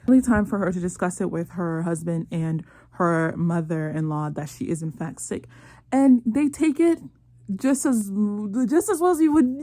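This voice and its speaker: A woman's voice: a little high, warm tone, dry recording. A young woman hosting her own show, animatedly retelling a drama in casual chat with sassy asides. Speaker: host recapping a drama.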